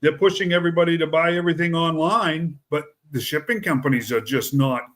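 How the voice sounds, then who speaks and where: A man's voice: a little high, fairly quick, a bit bright. A middle-aged man, hosting a casual chat and rambling through his points with fillers and restarts.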